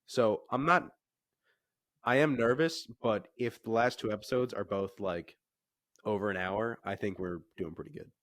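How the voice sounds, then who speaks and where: A man's voice: lowish voice, normal speed, fairly bright tone, dry recording. A young man co-hosting a podcast, laid-back, mostly giving short agreeing replies. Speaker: podcast co-host. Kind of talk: casual chat.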